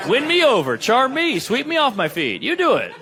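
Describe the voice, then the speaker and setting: A man's voice: very high-pitched, huge pitch swings, normal speed, a crowd in the background. A man performing a stand-up comedy set on a club stage, wry and self-deprecating, acting out both sides of his stories.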